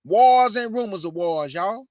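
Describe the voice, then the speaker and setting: Guy preaching prophecy, kinda high voice, answers his own questions, dry close sound. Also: expressive, unhurried, darkish tone, dry recording. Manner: preachy, calls audience family, answers imagined questions. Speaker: online preacher, show host. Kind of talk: street-style sermon on prophecy.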